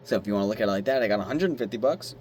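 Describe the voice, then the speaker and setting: A young man vlogging at his desk, telling a story in a rambling, animated way, swearing now and then and squealing when he acts out his excitement. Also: lowish voice, very fast, a little hiss or hum. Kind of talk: casual talk to camera.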